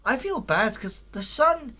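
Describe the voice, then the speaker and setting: A man's voice: very high voice, big pitch swings, unhurried, sharp tone. A young man giving a casual, rambling spoken review of a cartoon series, with frequent fillers, restarts and blunt swearing.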